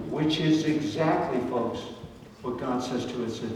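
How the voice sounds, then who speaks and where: An older man doing live comic storytelling with a faith message, wry and deadpan, dropping to soft, slow lines for tender moments. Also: medium pitch, recorded from a distance, slight background noise. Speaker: stand-up storyteller. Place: large reverberant camp hall. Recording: very echoey hall picked up from afar.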